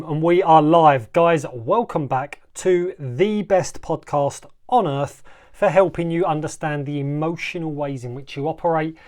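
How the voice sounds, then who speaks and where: A man's voice: fairly high pitch, darkish tone. Emphatic man hosting a motivational podcast. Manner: emphatic, repetitive, slows for dramatic effect. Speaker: life coach, podcast host.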